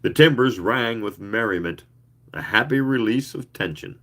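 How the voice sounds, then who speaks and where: Guy reading a story out loud, slow and lowish, really expressive, throws in side comments. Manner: leisurely, expressive reading with asides. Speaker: reader.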